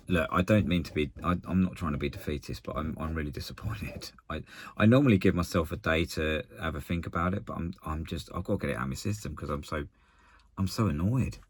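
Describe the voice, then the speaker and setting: Husky low-voiced man ranting. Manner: exasperated, halting, restarts sentences, blunt slang. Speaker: football fan channel contributor. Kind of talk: casual post-match rant to camera.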